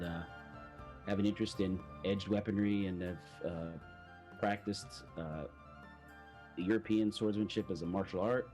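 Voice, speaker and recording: A middle-aged man, a guest on a live stream, speaking in a halting way with many pauses and fillers. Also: fairly low pitch, mellow. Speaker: guest, army veteran and swordsmanship practitioner. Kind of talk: casual chat on a live stream.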